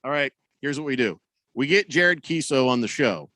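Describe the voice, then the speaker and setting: A man's voice: mid-range voice, animated, moderate pace, bright, forceful tone, no echo. Rambling sports radio host, man. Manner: rambling, self-correcting, wry. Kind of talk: casual radio talk reading listener messages. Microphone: studio broadcast mic.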